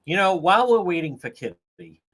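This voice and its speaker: Animated profane man hosting a livestream. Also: sits high, moderate pace. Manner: profane, laughing, animated storytelling. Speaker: livestream host. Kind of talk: casual livestream commentary.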